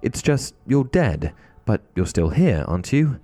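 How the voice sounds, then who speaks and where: A man's voice: lowish voice, big pitch swings, measured pace, warm tone, pitched above the performer's own voice. A man voicing an angry, grieving teenage boy wizard who talks urgently and raises his voice.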